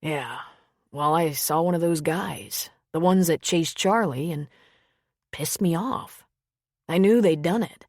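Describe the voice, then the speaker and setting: Blunt, wry man in an audiobook, low gravelly tone, read by a woman narrator. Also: slow, a little mellow, dry recording, clean studio sound, exaggerated voice. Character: man who tends to others, blunt and wry.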